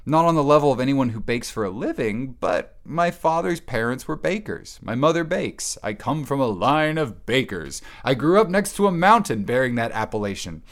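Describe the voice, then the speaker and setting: A man giving a rambling comic monologue, wry and self-mocking, alone in an empty cabin and sometimes breaking into excited yelling. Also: mid-range voice, normal speed, few pauses.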